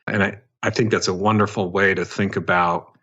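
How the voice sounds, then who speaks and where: A man's voice: sits low, level tone, normal speed, pushed and bright, breathy edge. A man guest-hosting a podcast, asking long, curious questions in a casual way. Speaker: guest host interviewer. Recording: dull lo-fi audio.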